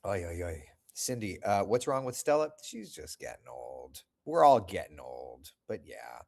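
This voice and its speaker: With a low, creaky voice that is still recovering from being lost, a middle-aged man hosts a relaxed livestream, reading out viewer comments and replying with chatty self-deprecation. He's very animated yet unhurried.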